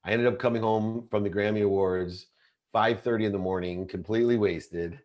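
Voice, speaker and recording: Earnest, low-voiced man telling his story. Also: fairly even intonation, brisk, highs cut off. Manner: earnest, intense, often restarts mid-sentence. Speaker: podcast guest. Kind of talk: confessional storytelling in an interview.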